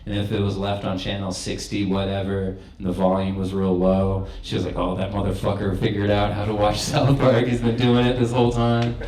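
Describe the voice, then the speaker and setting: Young male comedian, low voice, crude conversational stand-up, echoey club room. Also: monotone, fairly quick, few pauses, a little mellow. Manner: conversational, crude, laughs at his own jokes. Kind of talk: stand-up set.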